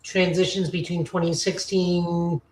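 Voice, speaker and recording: A woman's voice: fairly low pitch, little pitch movement, measured pace, a little mellow, a little hiss or hum. A woman co-hosting a casual podcast chat, giving an opinionated, nitpicky review. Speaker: podcast co-host. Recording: roomy echoing recording.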